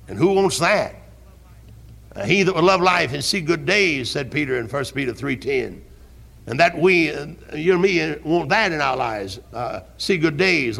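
An older pastor preaches with a gravelly, creaky voice, a bit higher than most men. He hammers home repeated questions and climbs to fervent shouts in his church sanctuary. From American South. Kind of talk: sermon. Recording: 1971 archival church recording.

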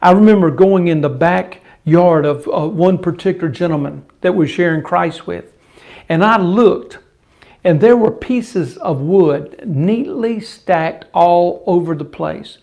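Older male preacher, unhurried sermon delivery, gravelly tone, emphatic repetition. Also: high voice, darkish tone. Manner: emphatic, repeats key phrases.

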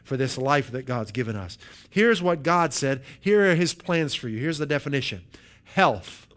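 A man preaching a sermon, emphatic, slowing down to stress key words and asking the room "right?" between points. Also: mid-range voice, animated, a bit bright.

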